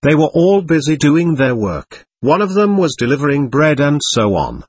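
A man's voice: fairly high pitch, big pitch swings, normal speed, slightly rough, dry recording. A man reading a first-person story aloud in a plaintive, earnest way. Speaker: narrator.

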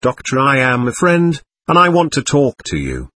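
A man reading as a patient, calm doctor. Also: mid-range voice, moderate pace, dry recording. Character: calm patient male doctor questioning a spirit.

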